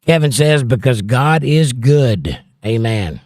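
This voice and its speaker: A man's voice: mid-range voice, lively intonation, takes it slowly, a little mellow, no room sound, clean studio sound. A man hosting a casual livestream, reading viewer comments aloud and chatting about them. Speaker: livestream host reading chat.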